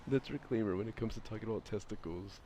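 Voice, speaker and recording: A young man streaming and chatting casually, loud and opinionated, rambling with lots of fillers. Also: on the low side, fast talker, background noise. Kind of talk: casual chat while gaming.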